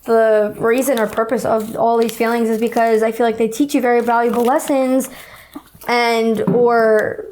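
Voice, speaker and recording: Casting: young female podcast co-host, blunt and rambling, fairly high voice, faint background hiss. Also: level tone, moderate pace, a little mellow. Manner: blunt, rambling, many fillers. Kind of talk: casual chat.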